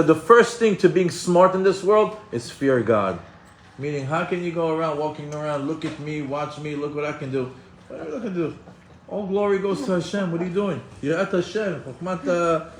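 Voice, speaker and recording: A man teaching a Torah class in an animated way, acting out quoted voices and often restarting his sentences. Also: high-pitched, normal speed, slight background noise. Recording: echoey room with faint ambience.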